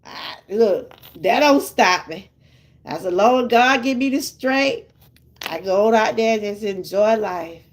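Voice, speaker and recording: A woman's voice: medium pitch, expressive, measured pace. Chatty older Southern woman chatting with viewers. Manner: chatty, talks straight to viewers, laughs often. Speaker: vlogger chatting with live viewers. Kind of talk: casual live-stream chat.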